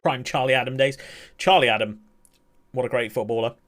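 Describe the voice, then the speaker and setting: A man's voice: mid-range voice, brisk, fairly bright tone. Chatty young man streaming. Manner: chatty, laughs often, mock-outraged ranting. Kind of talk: casual live-stream commentary.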